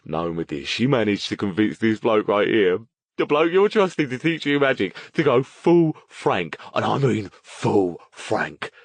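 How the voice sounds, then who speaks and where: Brief: loud, jokey bloke, read by a male narrator, big lively swings. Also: on the low side, unhurried, dry recording, full character voice. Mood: gleeful. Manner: boisterous, laughing, gossipy.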